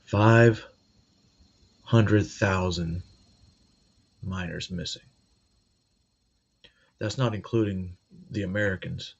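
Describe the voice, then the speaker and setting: A man's voice: sits low, fairly even intonation, takes it slowly, vocal fry, pauses often, husky, lo-fi sound. A man hosting a commentary video, talking in a sarcastic, conversational way. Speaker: video host. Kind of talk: commentary monologue.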